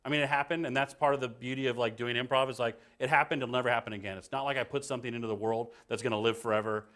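Male improv performer on a panel, animated storyteller, mid-pitched voice. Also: very fast. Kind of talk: conversational panel talk.

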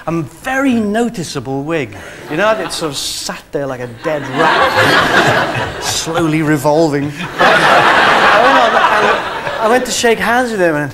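A man's voice: animated, unhurried. A man with an English accent, a talk show guest telling comic anecdotes in a camp, giggly way. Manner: camp, giggly, jumps into squeaky high voices for quotes. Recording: studio audience laughing loudly, noisy broadcast.

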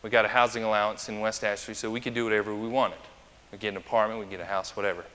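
Bright-voiced male pastor in reverberant church. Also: fairly low pitch, level tone, rapid-fire. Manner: chatty and anecdotal, asking the congregation questions. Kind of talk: conversational sermon. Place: church sanctuary.

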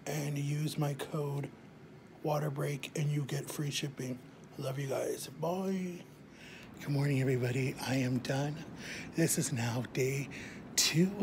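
A man's voice: a little high, background noise. A man vlogging casually to camera, talking straight to his viewers, a little out of breath. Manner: chatty, addresses viewers directly. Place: outside a hospital in early morning.

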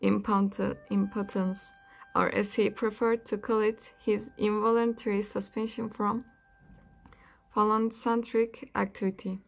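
A woman narrating a satirical fairy-tale audiobook in a wry, deadpan reading. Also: medium pitch, a little slow, creaky. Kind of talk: comic storybook narration.

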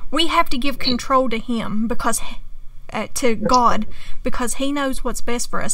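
Earnest woman speaking slowly from afar. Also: on the high side, sharp tone, recorded from a distance, poor audio. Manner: earnest, pausing, with restarts. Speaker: Bible study group leader. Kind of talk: emotional personal testimony in a group discussion.

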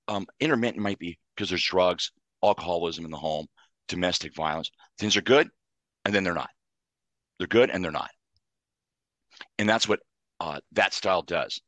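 A man's voice: deep voice, fairly bright tone, no room sound. A man, a psychologist and author, giving earnest interview answers and explaining ideas in numbered lists.

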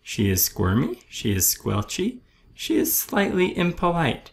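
A man's voice: on the high side, wildly swooping pitch, a little slow, creaky. A man reading a rhyming children's picture book aloud with a rhythmic storytelling manner. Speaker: storybook reader.

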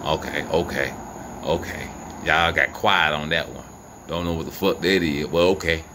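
A man filming the night sky on his phone outdoors, giving excited and profane running commentary to his viewers. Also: rumbling low, moderate pace. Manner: animated, profane, incredulous, talks to viewers. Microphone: phone camera. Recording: noisy outdoor phone recording. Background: crickets and insects, passing vehicles.

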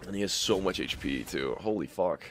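A young man commentating his own gameplay, muttering one moment and yelling and cursing in frustration the next. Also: low-pitched, moderate pace, a little hiss or hum. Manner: swings between mutters and yelled, cursing outbursts. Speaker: gaming YouTuber.

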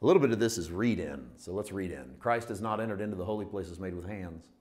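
A man teaching a Bible study sermon in a conversational, folksy way, asking rhetorical questions and swinging between loud emphatic bursts and quiet low asides. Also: lively intonation, fast talker.

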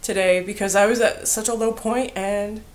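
A woman's voice: medium pitch, fairly even intonation, moderate pace. A woman vlogging about a doll she was given, chatty and gushing with emotion, on the edge of tears. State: teary. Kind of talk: casual doll review vlog.

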